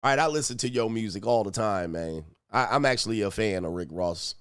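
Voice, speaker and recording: A man hosting a casual reaction commentary, animated and profane, with laughing asides. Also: on the low side, fairly quick, clear, resonant tone, no echo, studio quality. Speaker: commentary channel host.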